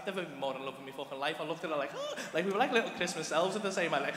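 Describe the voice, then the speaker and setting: Young man, Liverpool accent, stand-up comic, excitable, swearing, rapid-fire delivery, echoey comedy hall with audience noise. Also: high-pitched. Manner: excitable, profane, rambling. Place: live comedy club stage.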